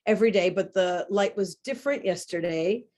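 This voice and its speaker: A woman teaching about horse behavior in a webinar conversation, talking in an animated way and demonstrating sounds as she explains. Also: medium pitch, moderate pace.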